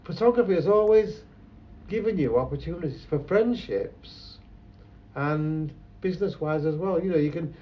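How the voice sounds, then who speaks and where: A man's voice: a little high, normal speed, highs cut off, slight background noise. A man, a photographer telling rambling anecdotes in an interview. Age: 70s. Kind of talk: conversational interview.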